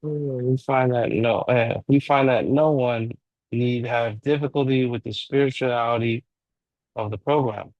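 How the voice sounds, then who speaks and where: A man of middle pitch takes his turn reading at a recovery study meeting, casual and a little halting. The sound is dry and muffled, like an online call. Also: fairly even intonation, dry recording. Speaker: meeting member reading aloud.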